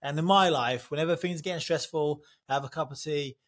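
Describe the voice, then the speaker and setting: A man from Britain hosting a podcast, talking warmly and effusively with frequent restarts. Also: fairly high pitch, fairly quick. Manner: effusive, enthusiastic, many restarts. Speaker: podcast host. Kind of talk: casual interview chat. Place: living in America.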